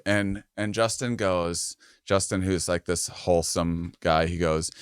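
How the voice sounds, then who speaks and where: Slow-talking man telling a story. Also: on the low side, animated, a bit bright, clean tone, dry recording, studio quality. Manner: rambling storyteller with many restarts, laughs into punchlines. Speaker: podcast co-host. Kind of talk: comedic storytelling.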